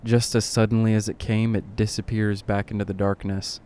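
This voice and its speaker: A man with a low, mellow voice reads horror stories in a flat, deadpan way that barely rises or falls. A faint hiss of noise sits under the recording. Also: moderate pace. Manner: low, deadpan delivery with dry asides. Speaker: narrator. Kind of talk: reading horror stories aloud.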